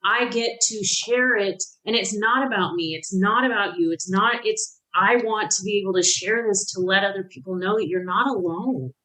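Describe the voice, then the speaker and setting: Heard on a rough recording, this podcast guest is a woman in her fifties whose bright, forceful voice sits in the mid-range. She speaks at normal speed with few pauses, sharing her life story candidly and with emotion, frequently breaking off and starting again, and livening up when reliving moments.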